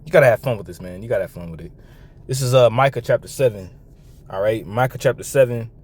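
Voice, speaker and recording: A man giving a reaction commentary and reading scripture, talking in an animated way with repeated words, restarts and laughs between remarks. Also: mid-range voice, quick pace, slightly rough. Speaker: online commentator.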